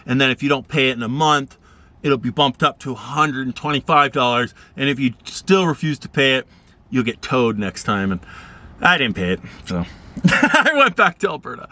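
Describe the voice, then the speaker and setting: Laid-back male vlogger rambling through anecdotes, bright tone. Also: animated, moderate pace. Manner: rambling, laid-back, acts out quoted people in higher voices. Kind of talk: casual storytelling.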